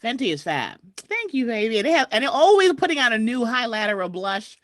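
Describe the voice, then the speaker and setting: A woman hosting a casual livestream from home, chatting and shouting out viewers over a video call mic. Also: fairly high pitch, big pitch swings, a little fast, no echo, clean studio sound. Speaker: host. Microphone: computer mic on a video call.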